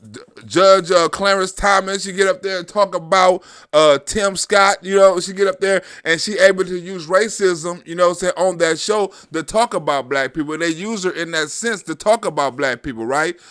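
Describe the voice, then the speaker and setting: Bright-voiced man ranting on his livestream. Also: sits high, clean tone. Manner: loose and profane, talks to the chat. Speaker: livestream host. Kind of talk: casual livestream commentary.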